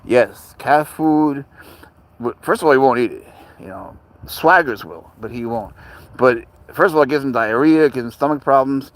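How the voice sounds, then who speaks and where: A man's voice: mid-range voice, normal speed. A man hosting a casual livestream outdoors in a park. He rambles and answers viewer questions as he walks his cat, talking into a phone.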